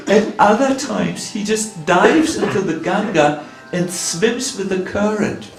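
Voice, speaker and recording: A man's voice: high-pitched, takes it slowly, vocal fry, echoey room, recorded from a distance, faint music behind. A man with a German accent giving a storytelling sermon as a swami in a temple, acting out the lines of the people in his story. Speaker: swami giving a scripture class. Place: temple hall.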